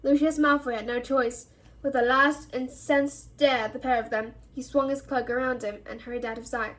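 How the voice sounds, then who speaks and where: A woman reading a novel aloud for a reading club, expressive and giving each character a voice. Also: high voice, moderate pace. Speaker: reader.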